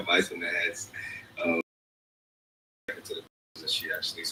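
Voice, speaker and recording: Low flat-voiced man, rambling chat. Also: normal speed, a little hiss or hum, poor audio. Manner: rambling, streetwise, talks in loose asides. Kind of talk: casual chat.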